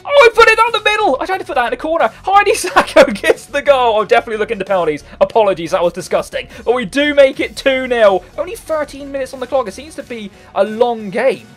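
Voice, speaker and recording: A man in his twenties giving excitable live gameplay commentary, swearing often and bursting into shouts. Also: extremely high pitch, fast, few pauses. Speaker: gaming YouTuber. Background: faint background music.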